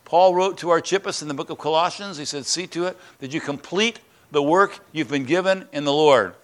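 Earnest pastor preaching. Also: male voice, mid-range voice, a bit bright. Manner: earnest, repeats words, rising emphatic voice on key lines. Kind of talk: sermon and prayer. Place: church.

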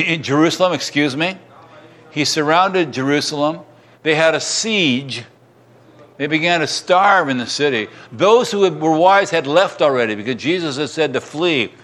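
Preaching in his church, a middle-aged pastor keeps restarting sentences and plays out the crowd's shouts himself. He speaks with a fairly high, fairly bright voice.

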